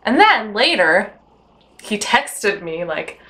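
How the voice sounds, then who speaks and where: A woman's voice: mid-range voice, unhurried, fairly bright tone. A woman in a casual vlog chat, telling stories about her bad dates in a chatty, giggly, self-mocking way. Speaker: storyteller recounting bad dates.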